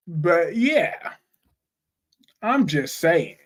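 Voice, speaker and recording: Young male host, high-pitched, blunt and animated, casual livestream banter. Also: drawn-out words. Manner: blunt, animated, slangy, talks back to chat. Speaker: soap opera commentary livestream host. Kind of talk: casual live chat reading viewer comments.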